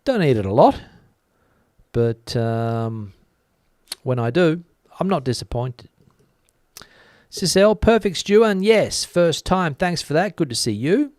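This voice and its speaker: A middle-aged man from Australia reads viewer comments during a casual livestream, slow and hesitant, with many "uh" fillers and long pauses. His voice is fairly high, slightly mellow, and lively in intonation, recorded dry with clean studio sound.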